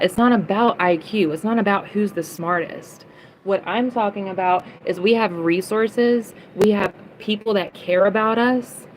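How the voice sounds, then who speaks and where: A woman's voice: medium pitch, a little hiss or hum, low-quality recording. A young woman livestreaming, ranting at chat comments in a heated, profane way and repeating lines for emphasis. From United States.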